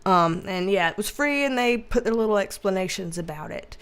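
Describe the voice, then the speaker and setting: A woman hosting a casual livestream with a nasal voice, talking loudly and bubbly, laughing often as she answers viewers. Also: mid-range voice, lively intonation, fairly quick, clean tone. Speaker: tarot reader and livestream host. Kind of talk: casual livestream chat reading viewer comments.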